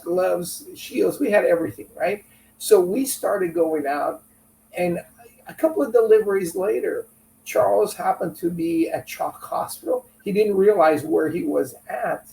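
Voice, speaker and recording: High-voiced storyteller man in echoey room. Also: moderate pace, creaky. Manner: animated, acts out quotes from friends. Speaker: business owner guest. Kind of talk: conversational interview storytelling. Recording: echoey room, a bit far from mic, faint hum.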